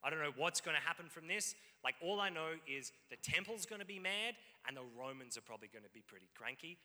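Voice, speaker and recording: A man voicing two frightened, confused men fleeing town, jittery and fast-talking. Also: a little high, animated, pushed and bright. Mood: nervous. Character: two scared, confused male disciples on the run. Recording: long reverb in a hall.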